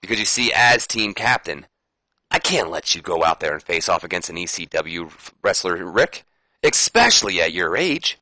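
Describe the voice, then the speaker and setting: A man's voice: low voice, big pitch swings, moderate pace, pushed and bright, no echo, exaggerated voice. A man playing a stern, self-righteous team captain. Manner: firm, lecturing.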